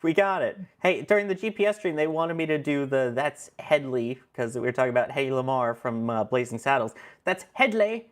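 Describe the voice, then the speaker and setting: A playful host on a casual podcast, reading out viewer comments and laughing often. The voice sits at an ordinary middle pitch. The delivery stays loose and easygoing throughout. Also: steady tone, fast, few pauses. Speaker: show host reading chat.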